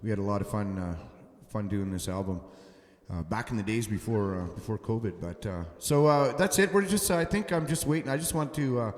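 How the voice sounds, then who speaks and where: Halting, soft-spoken man in a roomy room. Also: lowish voice, animated. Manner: halting, many fillers and restarts. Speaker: musician hosting a live stream. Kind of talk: casual live-stream chat. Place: home.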